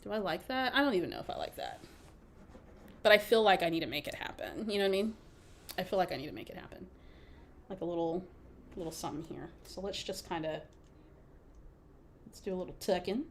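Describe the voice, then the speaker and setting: On a live scrapbooking stream, a woman with a lowish voice talks fairly quickly with lively intonation, though she leaves long pauses. She jokes with viewers and laughs a lot while crafting, and there's slight noise in the background.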